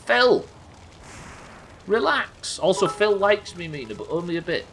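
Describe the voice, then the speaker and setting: Animated sweary streamer man. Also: sits high, measured pace, slight background noise. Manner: sweary, exasperated banter with chat. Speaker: streamer host. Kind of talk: live game stream commentary.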